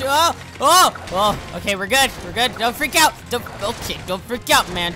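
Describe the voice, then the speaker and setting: A man's voice: very high-pitched, a little slow, hardly any pauses, over music. A young man giving casual let's play commentary, talking himself through tricky jumps and yelping at every failure. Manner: excitable, yelps and shouts at fails; self-talking, rambling asides.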